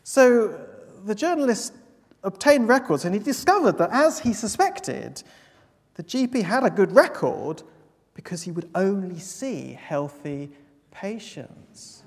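Slow, lively preacher in a reverberant hall. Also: medium pitch, husky. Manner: earnest, emphatic, with pauses for weight. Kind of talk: sermon.

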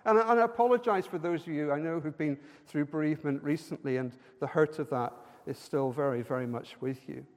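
A man's voice: fairly high pitch, fairly quick. A man preaching a sermon in a church, earnest and personal, building to emphatic repeated lines. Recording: long hall reverb.

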